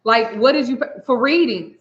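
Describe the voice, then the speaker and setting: A woman's voice: fairly high pitch, moderate pace. A woman spiritual reader telling a story in a casual livestream, acting out both sides of a phone call. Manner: chatty, animated retelling, acts out both sides of a call. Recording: slightly dull lo-fi audio.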